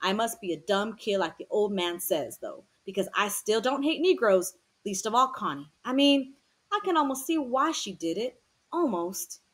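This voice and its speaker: A woman's voice: medium pitch, expressive, moderate pace, a bit bright, close to an everyday voice. Woman voicing a scared, slangy teenage boy. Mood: resigned. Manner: slangy, tense storytelling. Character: troubled teenage boy telling a painful story.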